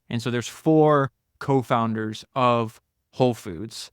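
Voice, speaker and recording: Guy doing a solo podcast, excited, reads bits from a book, laughs a lot, dry close sound. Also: mid-range voice, smooth, no echo. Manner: enthusiastic, laughs often, quick asides. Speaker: podcast host.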